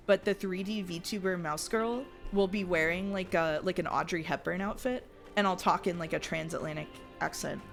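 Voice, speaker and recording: Low-voiced streamer woman, kinda gravelly, rambly chatty vibe, faint game music under. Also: normal speed, few pauses. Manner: chatty, reads chat aloud, trails off and restarts. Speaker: streamer playing a life-sim game. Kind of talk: casual live-stream chat.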